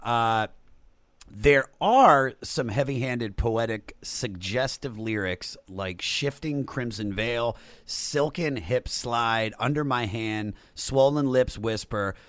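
A man's voice: mid-range voice, slow, no room sound. Laid-back man hosting a music podcast. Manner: relaxed, swears casually. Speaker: podcast host. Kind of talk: casual interview chat.

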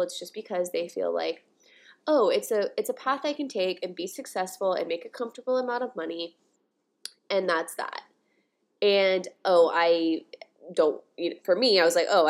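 A young woman from the United States hosting a podcast, talking in a chatty, sarcastic way about news articles. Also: medium pitch. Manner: chatty and sarcastic, with animated asides. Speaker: podcast host. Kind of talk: casual commentary on articles.

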